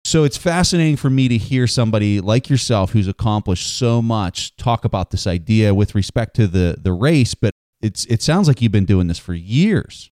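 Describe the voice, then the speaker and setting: A man hosting an interview podcast, with a low, mellow voice. He talks in long, reflective questions, and his voice sounds dry and close. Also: lively intonation, moderate pace, no echo. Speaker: podcast host. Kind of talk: interview talk.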